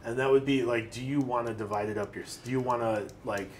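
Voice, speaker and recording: A man's voice: mid-range voice, fairly even intonation, fast, slight background noise. A young man as dungeon master, explaining rules casually with lots of fillers. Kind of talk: running a tabletop game, casual.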